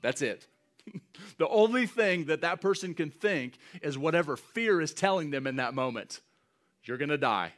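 Animated, chuckling male preacher. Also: a little high, moderate pace. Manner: animated, chuckles often, acts out scenes. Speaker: pastor. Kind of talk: sermon.

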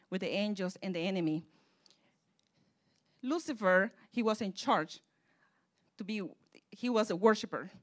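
Woman preaching her testimony, mid pitch, gets soft then really fired up. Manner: fervent, storytelling, swings from soft to loud. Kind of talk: sermon testimony.

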